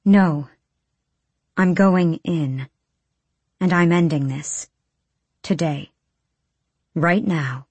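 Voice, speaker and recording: A woman voicing a calm, determined female healer who speaks in a steady, firm, commanding way. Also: on the low side, very slow, long pauses, husky, no echo, heavily acted.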